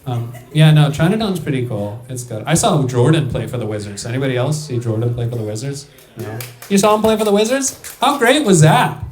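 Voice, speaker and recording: Young man, stand-up comic, slightly high voice, echoey club room. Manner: loose, chatty, laughing through punchlines. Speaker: stand-up comedian. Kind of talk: stand-up set with crowd work. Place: comedy club stage.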